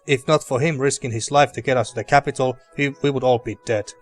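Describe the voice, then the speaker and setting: A man reading a gentle pleading old teacher. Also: mid-range voice, steady tone, faint music behind, close to an everyday voice. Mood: earnest. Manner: measured, earnest reading of game dialogue.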